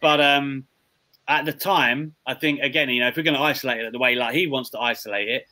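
Bright-voiced chatty male podcast host. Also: mid-range voice, steady tone, a little fast. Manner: chatty, rambling with restarts. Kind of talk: casual wrestling chat.

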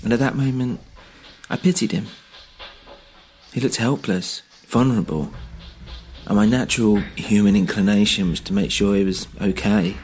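A man narrating an audio drama in the first person with tense, measured storytelling. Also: on the low side, fairly even intonation, darkish tone. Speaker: narrator and host.

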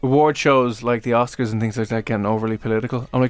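A man's voice: medium pitch, steady tone, fast talker, no echo, faint music behind. A man co-hosting a radio show, giving blunt opinions in casual banter. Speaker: radio co-host.

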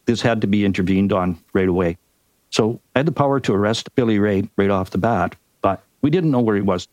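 An older man with a Canadian accent, a retired detective telling a case in a measured, methodical way on a podcast. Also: on the low side, darkish tone, dry recording. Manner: measured, methodical recounting with occasional ums. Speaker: retired detective and crime writer, guest. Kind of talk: podcast interview storytelling.

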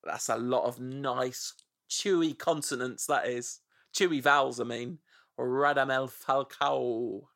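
Gravelly-voiced man hosting a casual chat. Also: mid-range voice, measured pace, a bit bright, dry recording, clean studio sound. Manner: playful, relishes saying names aloud. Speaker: podcast host.

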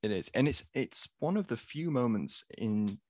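A man's voice: medium pitch, big pitch swings, moderate pace, dry recording, clean studio sound. A man co-hosting a podcast, who picks apart a film's plot in a wry, critical way and swears casually. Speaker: podcast co-host. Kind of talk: casual film review chat.

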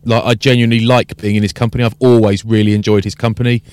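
A man hosting a casual podcast chat, telling an animated story and acting out the exchanges. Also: on the low side, quick pace, smooth, no echo. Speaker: podcast host and rugby commentator.

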